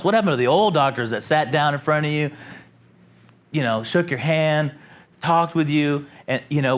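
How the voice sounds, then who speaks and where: Upbeat sales-trainer man, a bit high-voiced, acts out customers, quizzes the room. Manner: animated, acts out customers in a raised voice; asks the room questions. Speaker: company president giving a sales training talk. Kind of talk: informal sales training presentation.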